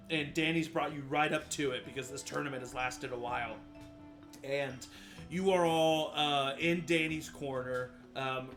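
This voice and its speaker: A man narrating a tabletop game as game master, with many ums and uhs and easy laughter. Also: medium pitch. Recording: faint music in the background.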